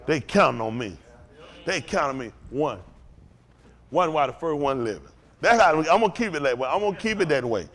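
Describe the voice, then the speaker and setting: A man preaching a fiery call-and-response sermon in a high, soaring voice. His pitch leaps and plunges constantly, and he goes from shouting to hushed, intense murmurs. He speaks in a folksy, repetitive cadence that builds up and falls away. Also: animated, a little fast. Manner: swings from shouted peaks to low intense murmurs. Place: house of worship.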